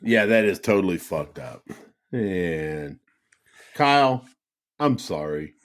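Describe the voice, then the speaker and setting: A man co-hosting a podcast in casual banter, profane and animated, laughing easily while talking into a studio mic. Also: deep voice, slow pace. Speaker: podcast co-host. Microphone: studio mic with cough button.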